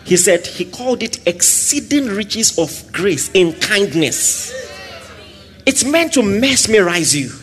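Animated high-voiced male preacher. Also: takes it slowly, faint music behind. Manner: animated, swings between loud exclamations and soft asides; acts out little scenes with quoted voices and laughter. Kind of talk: sermon.

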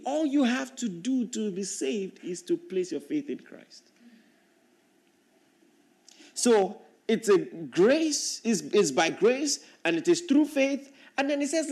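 Preacher, male, from Africa, high voice, emphatic, repeats lines for weight. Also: very animated, takes it slowly, a little mellow. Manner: emphatic, repeats key phrases for stress. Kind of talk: sermon.

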